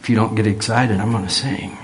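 A man's voice: on the low side, steady tone, a little fast, a little hiss or hum. A man preaching a sermon in an earnest way, repeating phrases for emphasis and dropping in humorous asides.

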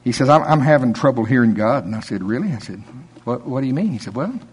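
A man's voice: mid-range voice, lively intonation, fast, a little mellow, slightly rough, big-room sound. A middle-aged male pastor preaching a sermon, telling folksy stories with laughter and quoted voices.

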